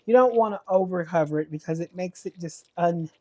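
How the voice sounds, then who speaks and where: A woman's voice: lowish voice, a little fast, a little mellow. A woman giving a casual cooking demonstration at home, chatty and homey, often correcting herself as she goes. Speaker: home cook.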